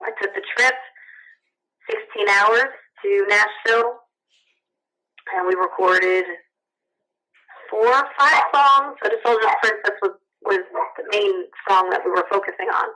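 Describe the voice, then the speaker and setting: A young woman from New Jersey, a singer-songwriter guest telling her story in a chatty, animated way. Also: mid-range voice, a little slow, long pauses, rough recording. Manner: chatty, animated, acts out quoted voices. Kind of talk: casual interview storytelling.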